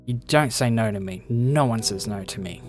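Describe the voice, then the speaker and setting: A man's voice: on the low side, normal speed, over music, close to an everyday voice. A man voicing a cruel, sneering village boy who leads a gang of bullies. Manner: sneering, taunting. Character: cruel bullying village boy, loud ringleader.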